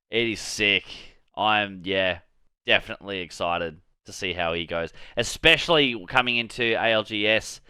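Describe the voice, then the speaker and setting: A man hosting a gaming channel, giving excitable, rambling casual commentary on a game reveal and swearing now and then. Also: fairly low pitch, clean tone, dry recording.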